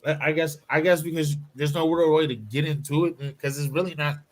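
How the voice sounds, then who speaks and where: A man's voice: a little high, fairly even intonation, a little fast, rough recording. A man co-hosting a podcast in casual chat, rambling and correcting himself as he talks. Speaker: podcast co-host.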